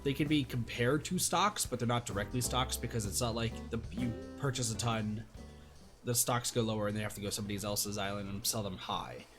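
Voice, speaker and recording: A man's voice: lowish voice, brisk, over music. A man casually chatting to his viewers while streaming a video game, rambling and thanking chat by name. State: hiccups.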